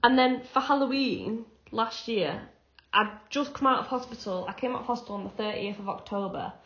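A young woman co-hosting a podcast, talking in animated, giggly casual chat. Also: fairly high pitch, fairly quick. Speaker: podcast co-host. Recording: echoey room, dull lo-fi sound.

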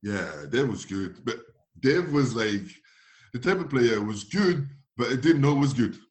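A lively man with as his spins football stories in a casual interview. He laughs often, slips into voices for the people he quotes, and his pitch sits in an ordinary middle range. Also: a little slow. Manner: animated, laughing often, acting out others' voices. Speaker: former footballer guest.

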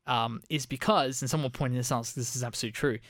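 A man's voice: medium pitch, steady tone, fast, a bit bright, dry recording, studio quality. A young adult man co-hosting a casual film review podcast, laughing as he critiques dismissively. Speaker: podcast co-host.

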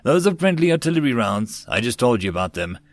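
A man's voice: mid-range voice, big pitch swings, quick pace. A man voicing a nervous, newly made male AI battle assistant that pleads and squeals at his boss in an audiobook. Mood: nervous, pleading.

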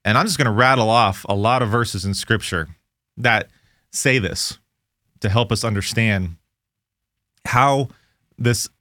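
A man's voice: lowish voice, unhurried, long pauses, pushed and bright, dry recording, clean studio sound. A man hosting a Bible study podcast, explaining Scripture in an earnest, casual way and reading verses aloud. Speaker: podcast host teaching Scripture.

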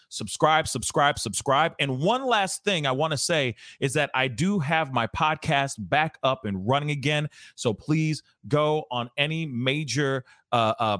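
A man's voice: medium pitch, no echo, clean studio sound. A man hosting his own commentary show, reacting with lots of laughter and repeating phrases. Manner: laughs hard and often, animated, repeats phrases. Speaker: show host. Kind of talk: casual commentary on a news clip.

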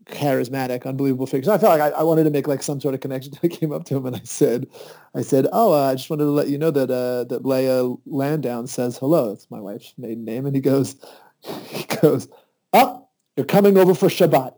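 A man telling a lively personal story in casual conversation, his voice jumping up excitedly when he quotes people. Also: fast talker. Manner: lively anecdotes with high-pitched, excited quoted asides.

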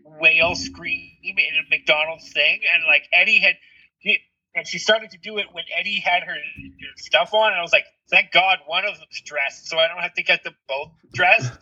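A man in his thirties telling animated parenting stories in casual chat, swearing freely. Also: high voice, moderate pace, slightly rough. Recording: dull lo-fi recording.

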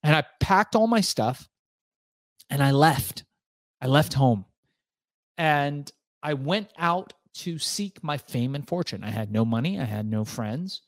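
A man from Iran, a guest author telling his story in a casual interview, animated and swearing freely, acting out other people's voices. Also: a little high, takes it slowly, dry recording, studio quality.

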